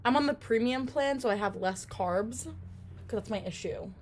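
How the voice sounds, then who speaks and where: A woman's voice: a little high, normal speed, slight background noise. A young woman co-hosting a podcast in casual chat, cracking dry jokes about herself. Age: young adult. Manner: joking, deadpan self-mockery, lively. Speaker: podcast co-host.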